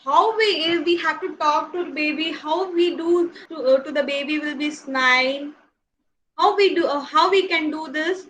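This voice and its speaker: Teaching little kids online, this young nursery teacher speaks with an Indian English accent, coaxing them playfully with lots of questions and frequent laughter. Her somewhat bright voice sits high at a moderate pace, over a low-quality recording with slight hiss or hum.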